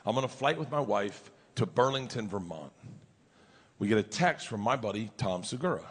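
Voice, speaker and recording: A middle-aged man doing stand-up, telling a story in a loud, crude, animated way with bursts of shouting, live on stage with a handheld mic. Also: fairly low pitch, normal speed, husky. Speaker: stand-up comedian. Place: comedy stage before an audience. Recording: live stage recording with background noise.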